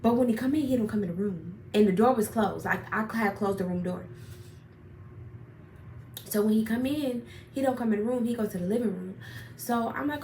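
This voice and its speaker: A young woman telling a personal story in a casual, animated, profane way, getting worked up as she retells it. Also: on the high side, brisk. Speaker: storyteller vlogger. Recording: roomy echo, far from mic, faint noise.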